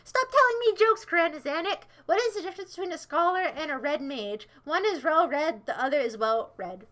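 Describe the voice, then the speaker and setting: A woman's voice: high-pitched, expressive, fairly quick, fairly bright tone. A young American woman livestreaming, casually rambling and teasing her chat with sarcastic remarks.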